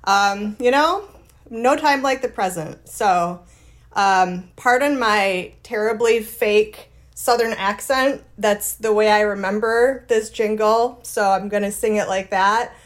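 Woman from rural northern Michigan, listener voicemail, shy, halting, self-deprecating. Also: medium pitch. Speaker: caller. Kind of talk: recorded listener message.

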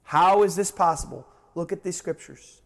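High-voiced impassioned male preacher. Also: moderate pace, gravelly. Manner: impassioned, rising and dropping sharply in loudness; repeats phrases for emphasis, with rhetorical questions. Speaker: pastor. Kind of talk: sermon.

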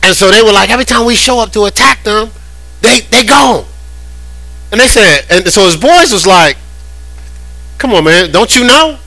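A man preaching a sermon in a conversational, animated way, often repeating words as he goes. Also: high voice, moderate pace, vocal fry, low-quality recording. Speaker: pastor.

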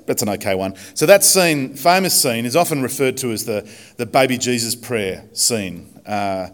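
A man preaching a casual, chatty sermon in church, self-deprecating, with many fillers and restarts. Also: medium pitch. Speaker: pastor.

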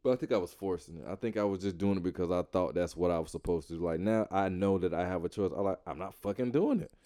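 A man co-hosting a casual talk show in a low, mellow voice. He talks loosely, swears freely and jumps into animated impressions of other people. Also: quick pace. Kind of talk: casual chat.

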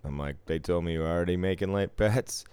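Very deep-voiced profane storytelling man. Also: fast talker, a little mellow, clean tone, no room sound. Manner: profane storytelling, acts out both sides of arguments. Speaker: casino dealer. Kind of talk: casual podcast chat.

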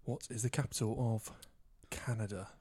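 A man's voice: on the low side, steady tone, moderate pace, darkish tone, husky. A man hosting a casual podcast quiz, playful and teasing as he reads out the questions. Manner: playful, laughs often, teasing. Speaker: podcast host, quizmaster.

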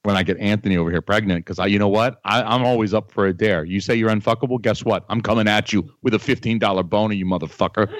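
A man's voice: on the low side, quick pace, hardly any pauses, no echo. A man co-hosting a podcast in rowdy, profane comedic banter.

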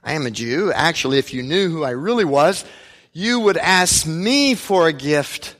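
A man voicing Jesus as a calm, patient teacher speaking earnestly to a woman in a retold story. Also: on the high side, normal speed.

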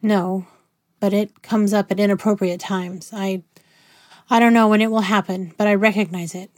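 Woman reading a wounded man, guarded and angry, low clipped speech, dry close sound. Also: fairly even intonation, moderate pace, a little mellow, no room sound, lightly acted. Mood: troubled.

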